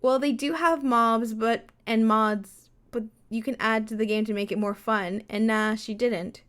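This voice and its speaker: Young woman streamer reading a story game out loud and chatting w chat, a bit high pitched. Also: steady tone, a little slow. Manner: chatty, reads game text aloud, answers chat. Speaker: live streamer.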